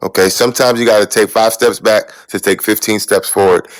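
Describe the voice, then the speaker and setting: Guy yelling his point in a podcast debate, dry close sound. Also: fairly low pitch, fairly even intonation, brisk, no echo. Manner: loud, insistent, yelling. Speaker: podcast co-host. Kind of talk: heated debate.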